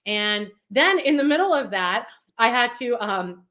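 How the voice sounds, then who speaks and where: Animated young woman telling a story with lots of laughs. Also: fairly high pitch, measured pace. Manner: animated storytelling, laughs often, swears freely. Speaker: podcast co-host. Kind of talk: casual chat.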